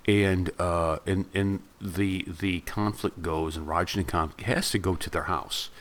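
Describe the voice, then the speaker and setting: A man with a very low voice talks through a movie plot like he's chatting with a friend. His retelling wanders, doubling back with asides and loose corrections as he goes. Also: steady tone, unhurried, hardly any pauses, fairly bright tone. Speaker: movie reviewer. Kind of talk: casual film recap.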